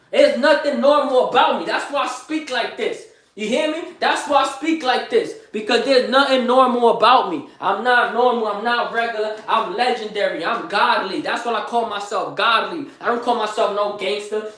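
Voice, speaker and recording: A man's voice: high voice, normal speed, fairly bright tone, heavy reverb. A young man boasting in street slang, repeating himself and firing questions at the listener in a live motivational vlog. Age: young adult. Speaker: motivational vlogger.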